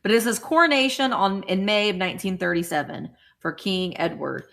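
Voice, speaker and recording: A middle-aged woman hosting a casual live stream, chatting with viewers and getting excited over small cute items. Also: medium pitch, fairly quick, gravelly. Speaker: vintage reseller hosting a livestream.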